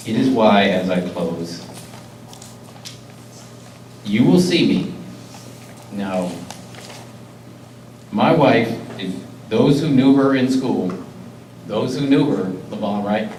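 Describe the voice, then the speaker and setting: A man's voice: fairly low pitch, lively intonation, takes it slowly, long pauses, darkish tone, a little hiss or hum. A middle-aged man, a county executive, giving a public speech and earnestly telling an emotional personal story. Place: community meeting hall. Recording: roomy, distant mic, faint ambience.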